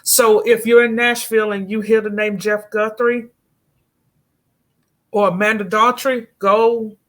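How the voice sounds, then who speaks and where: A woman hosting a radio show interview, effusive and quick to laugh. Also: fairly high pitch, flat delivery. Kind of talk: casual interview.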